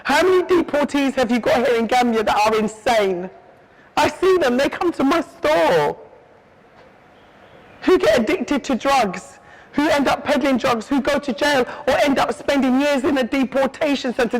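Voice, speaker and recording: A woman from England answers interview questions with feeling. Her voice sits very high, and she drives her points home with emphasis, often checking in with a quick "yeah?". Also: poor audio. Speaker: interview guest.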